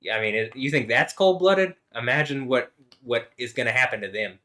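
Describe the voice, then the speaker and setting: A man talking through a loose, rambling vlog, swearing as he goes. His voice is of middle pitch, and he drops into low mumbles before rising into louder, excited bursts. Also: moderate pace. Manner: rambling, profane, swings between mumbling and loud laughing. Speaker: vlogger. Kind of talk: rambling monologue.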